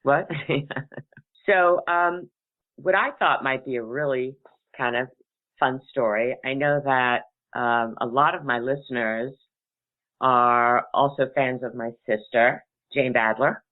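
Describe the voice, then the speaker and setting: Her voice is extremely low and slow-paced: a middle-aged radio talk show host rambling through casual chat and stories, laughing frequently. The sound comes through a tinny line, like a phone.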